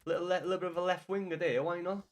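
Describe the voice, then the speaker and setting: A man's voice: sits high, fairly even intonation, rapid-fire. A man with a Scouse accent, chatting casually to his chat while he streams a game, swearing freely. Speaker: gaming streamer.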